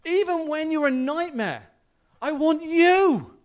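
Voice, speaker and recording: A man's voice: extremely high pitch, very animated, moderate pace. A preacher voicing a loving, generous father who is overjoyed and pleads with his son. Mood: joyful, pleading. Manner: exuberant, pleading.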